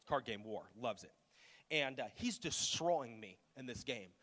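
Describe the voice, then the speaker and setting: A man's voice: mid-range voice, expressive, a little slow, fairly bright tone. A man in his thirties preaching a sermon as pastor, casual and joking, often poking fun at himself. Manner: casual, joking, self-deprecating. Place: large church auditorium. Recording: long hall reverb with faint music.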